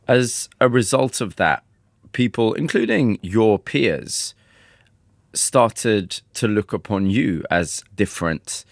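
A male interviewer with a lowish voice speaks in a measured, deliberate way, laying out context before posing each question. The recording is close and dry, with no room sound around him. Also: very animated, vocal fry, no echo.

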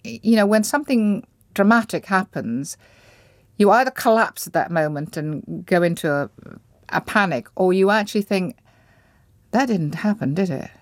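A woman from Indonesia, an interview guest, thoughtfully recalling her past with pauses and restarts as she searches for words. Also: mid-range voice, expressive, dry recording, clean studio sound. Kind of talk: reflective personal recollection.

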